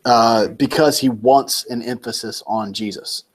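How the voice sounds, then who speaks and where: A man's voice: medium pitch, steady tone, measured pace, slightly rough. A man tutoring a student one-on-one, explaining points patiently and with emphasis. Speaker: Greek tutor.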